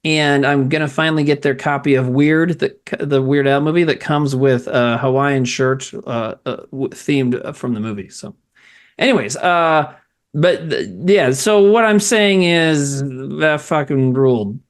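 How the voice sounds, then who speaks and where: A man with a slightly higher-than-usual voice, co-hosting a loose, casual chat about movies. He rambles, backtracks and swears freely, laughing as he goes. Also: unhurried. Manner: rambling, laughing, swears a lot, many fillers. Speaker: podcast co-host.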